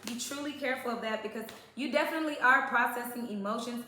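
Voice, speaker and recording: A woman's voice: fairly high pitch, fast, pushed and bright, reverberant, a little hiss or hum. A woman giving a casual spiritual tarot reading, chatty and emphatic, often checking in with her listeners. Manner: chatty, emphatic, repeats "okay, you guys". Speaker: tarot reader.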